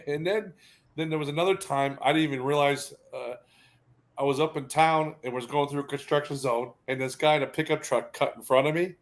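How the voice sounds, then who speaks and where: A man's voice: a little high, fairly quick. A man telling rambling anecdotes in casual chat, laughing often and restarting his sentences.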